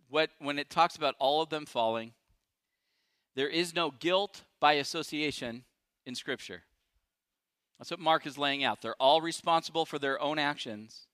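Forceful, emphatic male preacher. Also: on the high side, normal speed, clean tone, dry recording, clean studio sound. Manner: emphatic, dramatic swings from loud to hushed. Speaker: pastor. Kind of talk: sermon.

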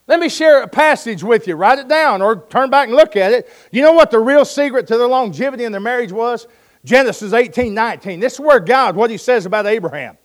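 Preacher guy with a high voice, folksy, tells jokes and hammers the point home. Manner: emphatic, folksy storytelling with jokes. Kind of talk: sermon.

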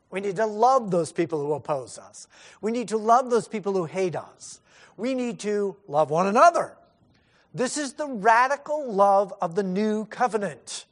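A man's voice: high voice, a bit bright. A man preaching a sermon, driving home his points with emphatic rhetorical questions. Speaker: pastor.

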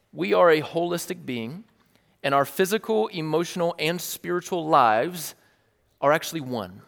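A man preaching a sermon in a church hall, talking casually and earnestly with animated, wry asides. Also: fairly high pitch. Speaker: pastor. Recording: long hall reverb.

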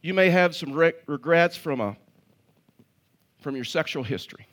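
A man preaches a sermon, telling stories to his congregation. His voice sits a little high for a man. He often repeats a word as he restarts a phrase and chuckles at his own jokes. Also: animated, normal speed, fairly bright tone. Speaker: pastor.

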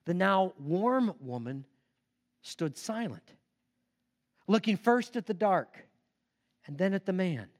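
Male preacher, high-voiced and expressive, slow sermon storytelling. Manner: expressive, emphatic.

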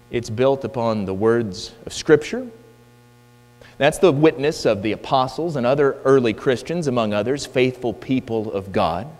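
A man's voice: medium pitch, a little mellow. A man preaching a sermon, emphatic and full of rhetorical questions, in a church hall. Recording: long hall reverb with mains hum.

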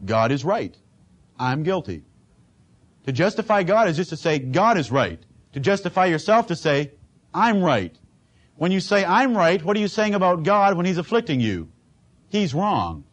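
A male pastor delivering a sermon in a high-pitched voice. He preaches with emphasis and drama, acting out the words of the people he quotes.

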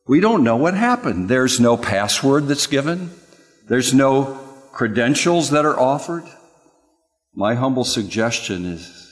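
A man preaching a sermon, swinging from loud, rising exclamations down to hushed, quiet passages. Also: medium pitch, animated, moderate pace. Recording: long hall reverb.

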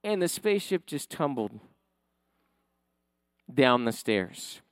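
A man's voice: mid-range voice, very animated, slow, clean tone, no room sound. A man preaching a sermon who tells a family story, then builds to emphatic preaching. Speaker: pastor.

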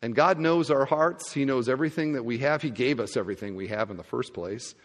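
A pastor giving a sermon, telling stories in a lively way and acting out the scenes. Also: male voice, medium pitch, fairly quick. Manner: animated storytelling, acting out scenes. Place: large church hall. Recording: long reverb of a church hall.

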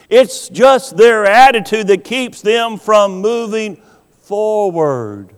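A man preaching a sermon, slow and emphatic, acting out the voices he quotes. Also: sits high, expressive, smooth. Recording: long hall reverb.

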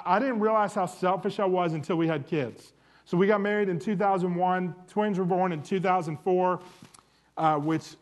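A man in his forties with a slightly high voice, speaking in the manner of a sermon to a room full of people. He tells stories about himself frankly and makes fun of himself along the way, then turns them into a challenge for his listeners. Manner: candid, self-deprecating storytelling with humor. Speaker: church marriage ministry speaker. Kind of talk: sermon-style talk to a live audience.

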